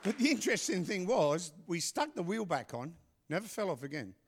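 A middle-aged man telling a story and giving announcements at a church service, animated, with loud bursts. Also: sits high, fairly quick, a faint crowd, slight background noise. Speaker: pastor.

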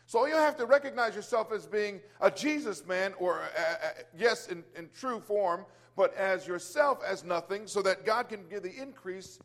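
A man with a notably high voice shares a casual faith testimony in a loose, rambling way. He restarts his sentences, leans on fillers, and breaks out into exclamations of praise as he goes. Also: lively intonation, moderate pace, a bit bright. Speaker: Christian business owner sharing testimony.

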